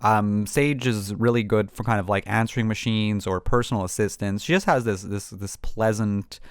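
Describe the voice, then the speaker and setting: Male tutorial host with a lowish voice, chatty and unscripted, full of fillers, dry close sound. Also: steady tone, moderate pace, clear, resonant tone, dry recording. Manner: rambling, many ums and restarts. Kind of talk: casual screen-recorded tutorial.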